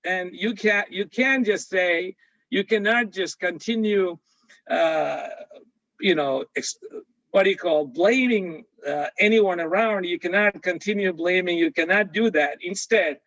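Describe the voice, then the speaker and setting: A man speaking at a college conference, telling students a parable in a halting, storytelling way. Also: sits high, a bit bright, no room sound, muffled recording. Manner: storytelling, halting with fillers and repeats. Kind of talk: motivational talk to students with a parable.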